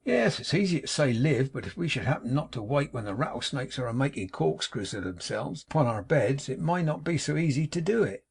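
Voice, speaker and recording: A man playing a stern young English gentleman, short and clipped, close to the narrator's own voice. It has a husky grain and a worried edge. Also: medium pitch, sing-song, a little fast, few pauses, heavily acted.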